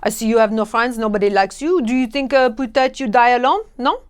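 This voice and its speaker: A woman's voice: fairly high pitch, a little fast, close to an everyday voice. A woman putting on a French accent to voice a condescending, mock-gloomy stranger. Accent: French, put on. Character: snooty mocking French stranger.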